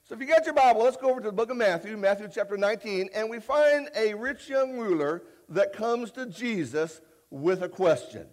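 High-voiced folksy male preacher. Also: fairly quick. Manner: folksy, conversational storytelling; animated, rises loud and high when retelling a story. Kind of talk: sermon.

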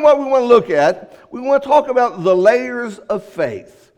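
High-voiced man preaching a sermon. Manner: emphatic, swings between loud and hushed. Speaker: pastor.

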